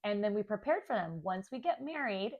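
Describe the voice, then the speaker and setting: A woman's voice: mid-range voice, very animated, brisk, phone-quality sound. A young woman telling a candid, chatty personal story to camera about becoming a stepmom. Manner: candid, chatty, acts out kids' voices. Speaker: stepmom vlogger.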